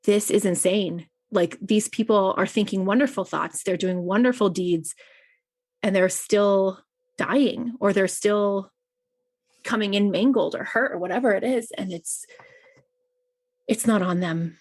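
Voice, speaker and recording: A woman's voice: mid-range voice, unhurried, long pauses, a little mellow. A woman who works as a chaplain, a podcast guest, speaking earnestly and telling personal stories with frequent fillers. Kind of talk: personal conversation.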